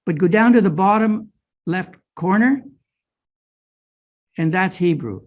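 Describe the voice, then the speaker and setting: A man's voice: sits high, lively intonation, slow pace. An older man giving a guided lecture on an old manuscript, explaining step by step and often checking in with his listeners. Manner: explanatory, frequent "right?" checks.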